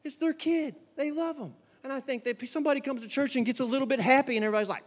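A pastor preaching a sermon in a church, moving from soft, quiet asides to shouted exhortations. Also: male voice, extremely high pitch, lively intonation, fast talker, big-room sound. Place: church sanctuary.

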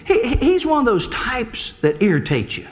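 A man with a very high voice preaches to his church with fervent, exhorting force. The sound is dull and lo-fi, like an old church service tape. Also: huge pitch swings, moderate pace. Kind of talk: sermon.

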